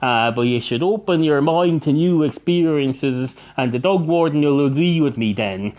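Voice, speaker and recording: A man's voice: a little high, moderate pace, a little mellow, close to an everyday voice. A man playing a pedantic, long-winded barman in a comic story. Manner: long-winded, reasoning aloud. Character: rambling, pedantic male barman.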